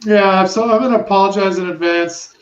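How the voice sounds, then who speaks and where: A woman in her thirties speaking on a panel about her own experience. She talks in a halting, emotional way with many restarts. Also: medium pitch. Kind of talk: personal testimony on a panel. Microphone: video call. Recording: roomy dull-sounding video call.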